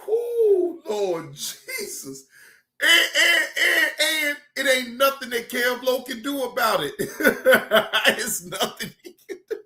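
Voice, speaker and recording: A man hosting a reaction channel, excitable and profane, laughing often as he comments. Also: extremely high pitch, slow, echoey room.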